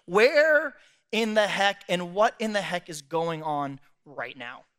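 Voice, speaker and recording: Pastor guy cracking jokes mid sermon, high bright voice, laughs a lot. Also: animated, smooth. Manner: joking, acts out quick voices, laughs often. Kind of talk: comedic sermon. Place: church stage.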